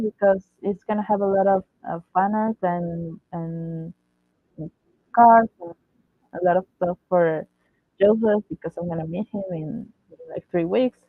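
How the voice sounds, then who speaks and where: A woman's voice: medium pitch, animated, a little slow, no echo. A woman tells a casual story-time tale about meeting a star, gushing and giggling as she goes. The sound is thin and tinny, like a phone call. The room is dry. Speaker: fan artist vlogger.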